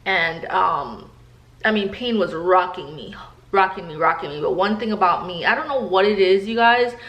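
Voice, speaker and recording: A woman in her thirties from New York shares personal stories in a candid, conversational vlog. Her voice sits a little low, and she keeps turning to address her viewers. The room around her rings with echo. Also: a bit bright. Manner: candid, chatty, often addresses viewers directly. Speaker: vlogger. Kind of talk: personal storytelling to camera. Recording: echoey room.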